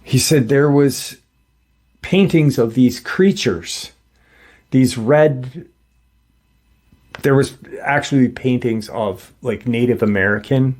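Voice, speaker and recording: A man retelling a paranormal encounter story in a halting, conversational way, full of pauses and restarts. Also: medium pitch, a little mellow. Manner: halting, many fillers and restarts; conversational, quotes others in plain voice.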